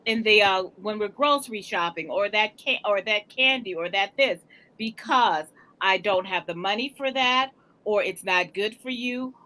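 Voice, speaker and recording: A woman co-hosting a casual panel chat, animated and quick to laugh. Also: mid-range voice, rough recording. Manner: animated, laughing, repeats herself. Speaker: co-host.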